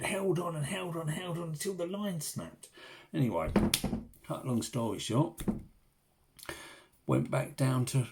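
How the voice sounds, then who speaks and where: A man's voice: fairly high pitch, noisy background. A middle-aged man telling a rambling, sweary fishing anecdote to camera in a casual way. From England. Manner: swears freely, rambling anecdotal delivery with restarts. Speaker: fishing channel host.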